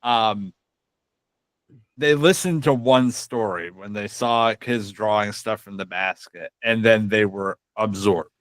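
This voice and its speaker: A middle-aged man hosting a podcast, talking in a relaxed, appreciative way. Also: on the low side, slow, no echo. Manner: relaxed, appreciative, with fillers and laughs. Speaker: podcast host. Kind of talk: casual interview chat.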